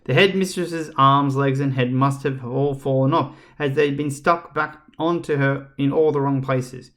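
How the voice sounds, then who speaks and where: A man's voice: mid-range voice, a little slow. Man reading a children's story aloud. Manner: expressive, addresses the reader directly.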